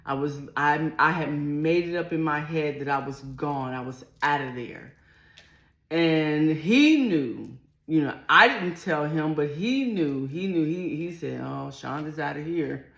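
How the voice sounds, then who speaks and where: A woman's voice: low-pitched, lively intonation, a little slow, a bit bright. A middle-aged woman, telling a personal story to camera in a candid, earthy, blunt way. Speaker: vlogger. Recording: echoey room.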